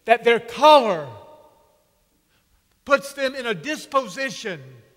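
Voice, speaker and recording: A man preaching a sermon with slow, emphatic delivery and dramatic pauses. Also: very high voice, expressive, fairly bright tone. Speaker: pastor. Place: church sanctuary. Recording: long reverb of a church hall.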